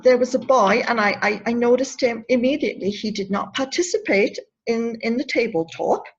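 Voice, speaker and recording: A woman in her fifties shares a personal story as an interview guest, her voice sitting a little high with a husky, breathy edge. She speaks earnestly and emotionally, with halting restarts, and the recording sounds dull and lo-fi. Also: expressive. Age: 50s. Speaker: interview guest, anti-bullying advocate.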